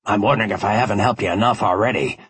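A suspicious police detective who scolds with dry sarcasm, as voiced by a male narrator. The voice is low and husky, and the pitch moves a lot. It is recorded close and dry. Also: racing, fairly bright tone, dry recording. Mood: annoyed. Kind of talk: audiobook character voice.

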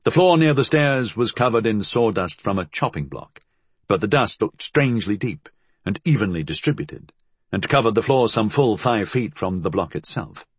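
A man narrating a crime novel at a measured storytelling pace. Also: fairly low pitch, animated, slightly rough, no room sound. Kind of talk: audiobook narration.

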